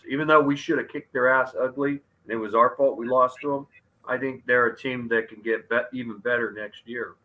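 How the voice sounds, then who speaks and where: Man, crisp bright tone, stammering restarts, casual football chat. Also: mid-range voice, low-quality recording. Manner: agreeable, halting, repeats himself. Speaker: co-host.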